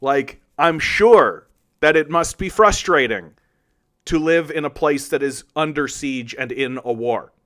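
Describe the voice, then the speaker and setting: A man's voice: fairly high pitch, unhurried, a bit bright. A man hosting a solo political commentary show, arguing with chat in a combative, sarcastic and profane way. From Canada.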